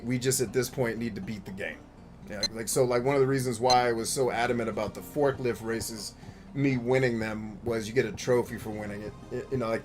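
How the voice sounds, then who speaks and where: Male game streamer, animated and profane, casual running commentary. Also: medium pitch. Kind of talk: casual let's-play commentary.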